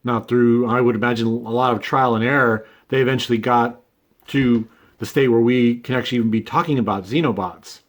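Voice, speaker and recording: Guy talking off the cuff to camera, medium voice, lots of right? and uh, relaxed monologue. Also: medium pitch. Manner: conversational, many fillers and "right?" tags. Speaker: video essay host. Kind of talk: casual unscripted monologue.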